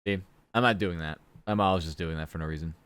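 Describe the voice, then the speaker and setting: A man's voice: deep voice, fast, a bit bright, clean tone. A young man chatting casually on a live stream while he works, often muttering to himself.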